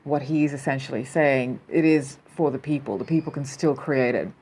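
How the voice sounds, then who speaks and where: Casting: Australian woman news host, low-pitched, sardonic, riffing freely on the headlines she reads. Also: a little fast, slightly rough. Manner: sardonic, animated, reads headlines then riffs. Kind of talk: casual commentary on news.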